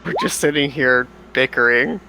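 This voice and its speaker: A man's voice: mid-range voice, sing-song, normal speed, bright, forceful tone, a little hiss or hum, rough recording. A man playing a tabletop role-playing game, describing his moves casually. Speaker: player.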